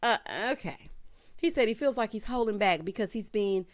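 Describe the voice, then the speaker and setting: A woman giving a sassy, gossipy recap of a reality show, calling people "honey" and "child" and breaking into loud laughter. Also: medium pitch, normal speed, dry recording, clean studio sound. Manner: animated, bursts into loud laughter.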